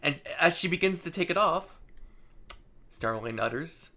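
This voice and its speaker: A man co-hosting a casual comic book chat, recapping in a halting way full of fillers. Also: a little high, expressive, sharp tone. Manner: halting, lots of fillers and laughs. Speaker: comic book podcast co-host.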